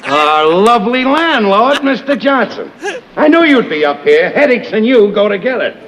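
An actor playing a sarcastic, blustering middle-aged tenant in a 1950s TV sitcom, with mocking, theatrical sarcasm. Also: male voice, sits high, big pitch swings, normal speed, noisy background. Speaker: sitcom character.

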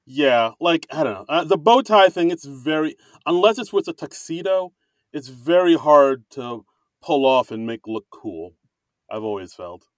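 Chatty, expressive podcast man. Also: on the high side, measured pace, no room sound. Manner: chatty, rambling, laughs easily. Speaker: podcast co-host. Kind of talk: casual podcast chat.

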